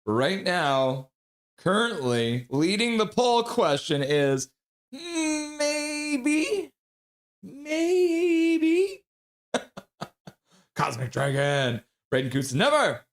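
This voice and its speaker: A man's voice: mid-range voice, sing-song, takes it slowly, a bit bright. A man hosting a live hockey stream, chatty and laughing often as he reads out viewers' messages. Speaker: hockey stream host reading chat. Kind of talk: casual live-stream chat.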